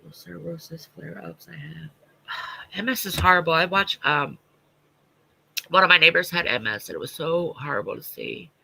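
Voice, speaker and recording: A congested man with a stuffy nose chatting on a livestream, answering viewer comments bluntly and with a lot of swearing. His voice is gravelly with plenty of fry, set fairly high for a man and very sharp and tense in tone. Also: normal speed, poor audio. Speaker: livestream host. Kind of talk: casual livestream chat.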